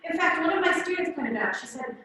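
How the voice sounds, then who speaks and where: A woman Latin teacher giving a conference presentation in an animated way, often acting out quoted voices. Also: very high-pitched, quick pace. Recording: echoey room, far from the mic.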